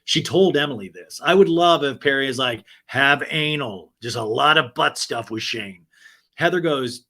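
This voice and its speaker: A man hosting a podcast, recapping a reality show in a snarky, profane, casual style and putting on mocking high voices for quotes. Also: normal speed, bright, forceful tone. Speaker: podcast host.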